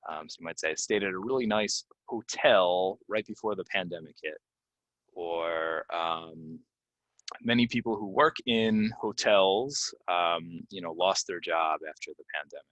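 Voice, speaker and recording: Low-voiced man teaching pronunciation. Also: a bit bright, no room sound, low-quality recording. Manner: repeats words slowly with example sentences, many ums. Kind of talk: slide-based pronunciation lesson.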